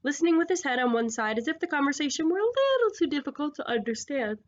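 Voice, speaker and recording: A woman's voice: high-pitched, very animated, quick pace, muffled recording. A woman casually reading a children's story aloud, stumbling over words and making side remarks. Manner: informal, with slips, restarts and asides. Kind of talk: casual read-aloud narration.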